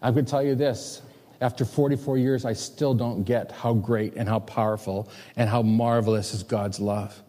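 A pastor in his fifties preaching a sermon, emphatic, swinging between loud and hushed. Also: medium pitch, fairly even intonation, normal speed. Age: 50s. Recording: long hall reverb.

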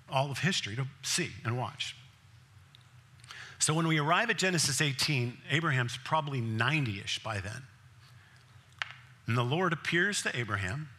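A man preaching a sermon as pastor, telling the story in a conversational way and acting out the scenes. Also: medium pitch. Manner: laughs often, grows emphatic and louder.

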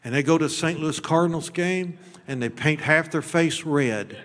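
A man preaching a sermon as pastor. His delivery is folksy and blunt, with repeated words, and it swings between shouted high peaks and low, close talk. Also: normal speed. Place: church sanctuary. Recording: long hall reverb.

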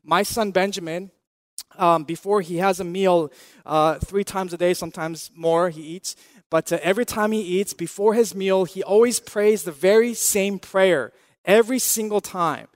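A man in his thirties delivers a sermon with a notably high, light voice for a man. He talks in an earnest, conversational way, circling back to repeated phrases and posing questions to his listeners. The sound is dry and close, with no room echo. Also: moderate pace. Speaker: pastor.

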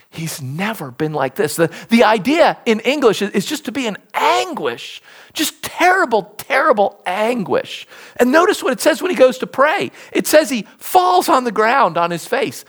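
A male pastor preaching a sermon, animated and emphatic, repeating key words for stress. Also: high voice.

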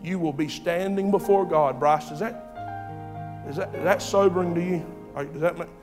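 A man preaching an impassioned sermon, repeating phrases and swinging from shouts to hushed tones. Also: on the high side, moderate pace, music in the background. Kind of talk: fiery sermon.

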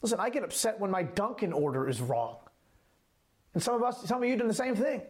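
A man's voice: sits high, sing-song, a little fast. A man preaching a sermon as a pastor, emphatic, repeating key phrases and asking rhetorical questions.

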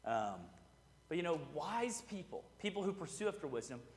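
Pastor, male; casual, conversational sermon delivery, slightly high voice, long hall reverb. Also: normal speed. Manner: conversational, animated, with frequent "right?" asides and restarts. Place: church sanctuary.

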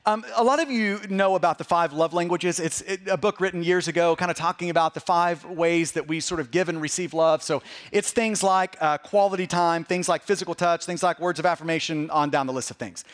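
A man's voice: a little high, brisk. A middle-aged man preaching a sermon to a congregation, stumbling and repeating words as he starts his sentences. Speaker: pastor.

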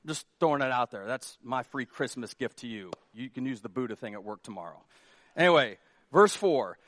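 A man preaching a sermon as pastor, animated and jokey, with lots of repeated starts. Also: medium pitch, brisk, no echo, clean studio sound.

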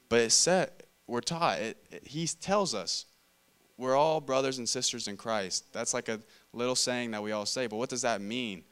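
Conversational male preacher with a smooth voice. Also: mid-range voice, a little slow, a bit bright. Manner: conversational, repeats phrases, restarts. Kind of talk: casual sermon with scripture reading. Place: church meeting room.

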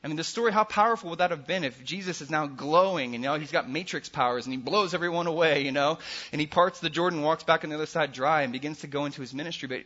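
A man preaching with a bright, forceful edge and a faintly husky grain. He is earnest and swings between loud emphasis and hushed passages. The recording sounds dull and lo-fi. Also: on the high side, fast. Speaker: pastor. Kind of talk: sermon.

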